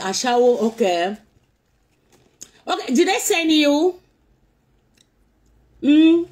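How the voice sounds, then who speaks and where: A woman's voice: high-pitched, big pitch swings, takes it slowly, long pauses, darkish tone. A woman ranting at commenters on her stream, firing back repeated taunting questions. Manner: confrontational, repetitive taunting questions. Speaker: social media vlogger reading comments. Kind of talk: ranting live-stream talk.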